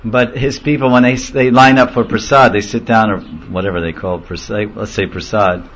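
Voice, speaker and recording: A man's voice: lowish voice, steady tone, a little fast, a bit bright. A man giving an informal religious talk, telling anecdotes with laughter and acting out voices. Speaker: spiritual teacher. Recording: muffled lo-fi recording.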